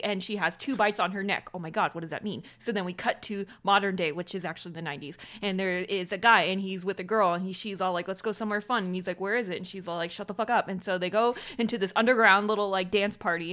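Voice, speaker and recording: A woman co-hosting a podcast rattles off a loose, profane movie recap. She quotes each character in her own ordinary voice. Her pitch sits in a middle range. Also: a bit bright. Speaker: podcast co-host.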